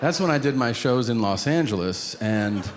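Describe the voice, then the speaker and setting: A man doing a stand-up set with a deadpan, profane delivery, slipping into quick voices for the people in his stories. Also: medium pitch. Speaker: stand-up comedian. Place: theater stage before a laughing audience. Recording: long hall reverb, audience noise.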